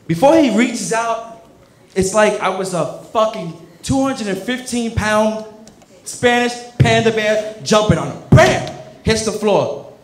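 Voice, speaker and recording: A man's voice: high voice, animated, measured pace. A young man doing a stand-up set, telling rambling stories full of fillers. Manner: rambling, filler-heavy storytelling. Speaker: stand-up comedian. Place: comedy club stage. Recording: echoey club room with crowd. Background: audience laughter.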